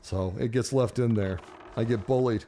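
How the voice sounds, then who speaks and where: A man spinning a casual, rambling yarn, animated and full of cursing. His voice sits at an ordinary middle pitch, and he laughs through the funny parts. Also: normal speed. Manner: animated, profane, laughs while telling. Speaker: gaming streamer. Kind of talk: casual storytelling.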